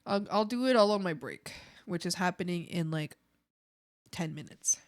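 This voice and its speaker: A young woman streams her art and chats casually with viewers, giggling often and jumping scatterbrained from thought to thought. Her voice sits on the low side, animated, at a normal speed.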